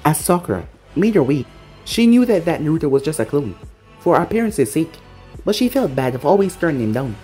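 A narrator reading a fan-fiction story aloud in an expressive way. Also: mid-range voice, a little fast, soft background music.

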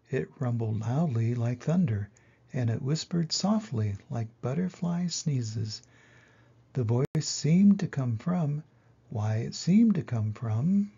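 An older man reading a picture book aloud to children in a slow, gentle way with dramatic swells. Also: medium pitch, expressive, vocal fry, slightly rough, dull audio. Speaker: storyteller.

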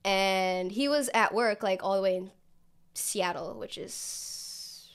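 A woman co-hosting a podcast, telling a story in relaxed casual chat, filling her speech with "like" and quoting herself. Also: medium pitch, slow pace, clean tone. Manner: relaxed storytelling, filler-heavy, quotes herself. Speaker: podcast co-host.

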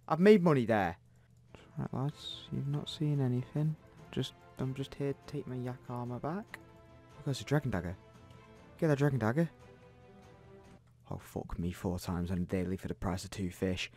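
A man's voice: medium pitch, normal speed, long pauses, darkish tone, soft background music. A man co-hosting a gaming video, cocky and hyped, swearing as he commentates. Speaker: gaming co-host. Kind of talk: live gameplay commentary.

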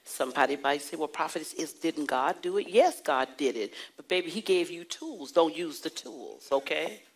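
A woman pastor preaching a sermon, animated and playful with the congregation. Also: low voice, moderate pace, slightly rough. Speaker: pastor and prophetess.

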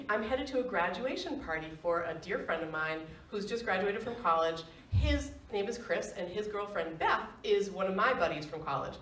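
A middle-aged woman tells a personal story live on stage, lively and quick to laugh. Her voice sits at an ordinary pitch. It carries a roomy echo and is picked up from some distance, with faint background noise. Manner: animated, laughs often, acts out quoted voices. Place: stage in an arts center.

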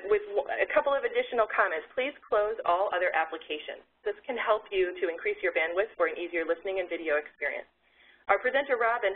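A woman hosting a webinar, giving measured instructions with a few slips before introducing the speaker. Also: fairly low pitch, slight background noise. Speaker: webinar host. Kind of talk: reading housekeeping instructions. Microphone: video call. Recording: tinny phone-like line.

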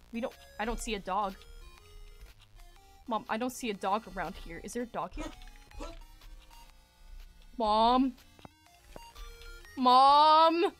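Woman voicing a loud, whiny southern brat kid, high-pitched and demanding. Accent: Southern US, put on. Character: whiny bratty southern kid boy nagging his mom. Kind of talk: comedic voice while streaming a game.

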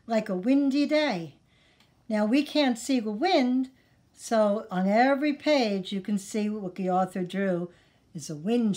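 A woman hosting a children's library storytime, talking to kids in a gentle, teacherly sing-song and reading a picture book aloud. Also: medium pitch, distant mic, slight background noise. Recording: echoey room, voice off-mic, guitar behind.

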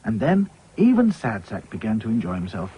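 A man narrating a children's story in a lively, expressive way. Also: lowish voice, fairly quick. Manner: lively, voices every character himself. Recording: slightly dull with faint hiss.

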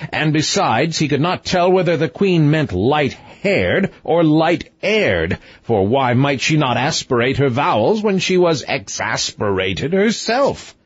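Man, fairy tale audiobook narration, husky voice, very lively intonation, dull lo-fi sound. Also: medium pitch, measured pace, dry recording. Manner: expressive, sweeping intonation.

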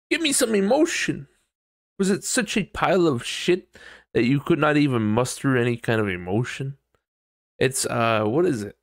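A man with a low, gravelly voice talks through a casual solo podcast monologue. He rambles, swears freely and breaks into sudden animated outbursts. The sound is dry and close, with no room echo. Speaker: podcast host.

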